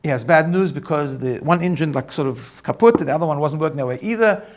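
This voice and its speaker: A middle-aged man, a rabbi, telling a story in a lively way and often repeating words as he builds it up. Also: a little high, fast talker. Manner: animated, repeats words when excited. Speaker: rabbi teaching personal growth. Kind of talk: storytelling talk.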